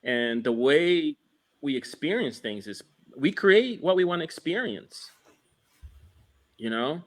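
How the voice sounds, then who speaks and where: A man's voice: fairly high pitch, sing-song, slow pace. Reflective, laid-back male dog trainer. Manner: reflective, loose and laid-back, many restarts. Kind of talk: casual chat.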